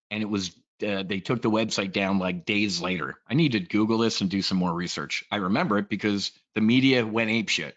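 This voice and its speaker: A man's voice: on the low side, brisk, fairly bright tone, dull audio. A man giving a casual, blunt and profane trade briefing, talking in a rambling way as a trading educator.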